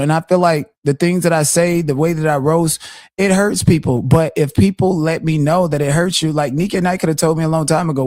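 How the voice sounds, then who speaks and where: Blunt, foul-mouthed man talking fast. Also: on the high side, a little mellow, no echo, clean studio sound. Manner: blunt and profane, fast with many restarts. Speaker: guest on a live show. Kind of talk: casual live-stream chat.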